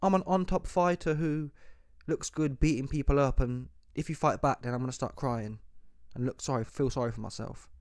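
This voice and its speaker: A man putting on the voice of a whiny, self-pitying adult male boxer, starting in a squeaky mocking tone. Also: moderate pace, darkish tone, dry recording, clean studio sound, close to an everyday voice. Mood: mocking whine.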